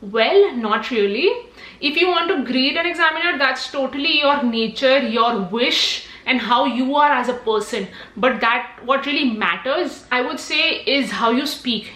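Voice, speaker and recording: Young woman, chatty and emphatic; high voice in a reverberant room. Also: unhurried, pushed and bright. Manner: chatty, emphatic, lots of "like" and "trust me". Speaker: IELTS tips vlogger. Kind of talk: casual talking-to-camera advice.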